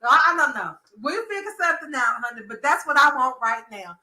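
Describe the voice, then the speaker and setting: A woman with a Southern American accent, hosting a casual soap opera chat and acting out characters' lines in a profane, animated way. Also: high-pitched, a little fast, reverberant, low-quality recording. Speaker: podcast host.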